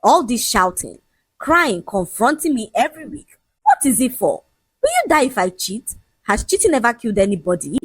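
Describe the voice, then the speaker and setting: A woman's voice: fairly high pitch, very animated, normal speed, slightly rough, no echo, studio quality, voice pushed up. Woman putting on a smug cheating man. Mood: mocking. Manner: mocking, lecturing, casually shameless. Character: scornful cheating young man, smug and dismissive.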